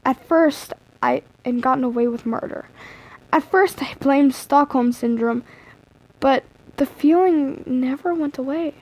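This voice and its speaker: A woman's voice: high voice, measured pace, a little mellow, low-quality recording. Chatty young woman reading a story. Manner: chatty, easily distracted, breaks off to joke. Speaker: livestreamer reading fan fiction. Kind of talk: casual live reading of a story.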